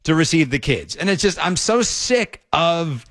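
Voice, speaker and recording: A middle-aged man hosting an opinionated talk show, animated and exasperated, often stumbling and repeating words. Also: fairly high pitch, measured pace. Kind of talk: opinionated talk radio commentary.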